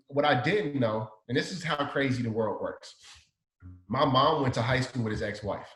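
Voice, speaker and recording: A man's voice: mid-range voice, moderate pace, fairly bright tone. A man from Chicago's South Side, a designer telling a story in an interview, animatedly acting out the dialogue he quotes. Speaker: guest, designer. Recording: echoey room.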